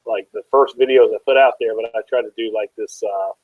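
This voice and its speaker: A man's voice: lowish voice, steady tone, brisk, no echo, narrow, tinny audio. A man guest in a casual interview, telling easygoing, joking stories.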